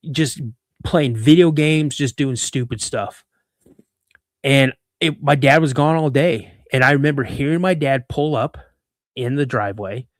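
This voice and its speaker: A man in his fifties from Washington State, telling a personal story as a podcast guest, animated, acting out the voices in it and often repeating himself. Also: mid-range voice, no echo, clean studio sound. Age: 50s. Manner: repeats words and restarts mid-sentence. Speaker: guest, cryptid researcher.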